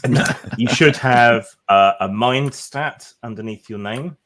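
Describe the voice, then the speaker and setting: A man as game master, narrating a tabletop role-playing game in an unhurried, descriptive way with occasional fillers. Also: mid-range voice, fairly bright tone, a little hiss or hum.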